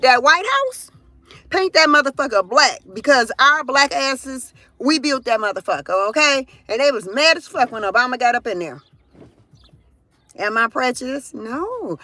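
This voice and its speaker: A middle-aged woman chatting on a live stream with a high, sharp voice. She rants loudly and profanely with lots of animation, speaking into her phone while standing outside near a car. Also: no room sound. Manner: loud, profane, animated ranting. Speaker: livestream host. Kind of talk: casual live-stream chat.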